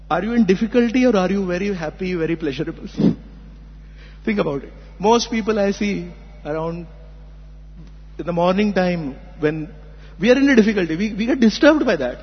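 A man's voice: high voice, husky. A man giving an earnest philosophical talk as a spiritual teacher, explaining with rhetorical questions. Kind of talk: philosophical discourse. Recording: muffled hall recording.

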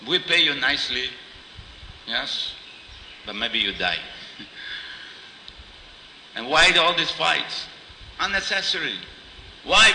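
Animated preacher man in echoey hall. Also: fairly high pitch, slow, pauses often. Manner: animated storyteller, acts out dialogue, laughs often. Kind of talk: informal spiritual talk with anecdotes. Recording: roomy hall echo, faint noise.

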